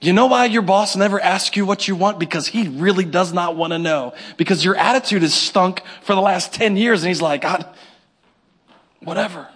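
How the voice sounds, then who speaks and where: A man preaching a sermon to his congregation, animated, with call-and-response and little acted-out scenes. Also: sits high, fairly quick, few pauses. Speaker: pastor.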